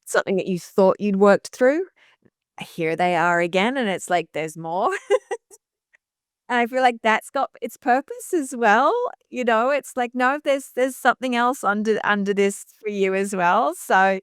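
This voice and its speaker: A woman in her fifties, a podcast guest, telling stories in a warm, animated way and laughing easily. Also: medium pitch, a little slow, clear, resonant tone, no room sound, studio quality. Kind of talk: interview conversation.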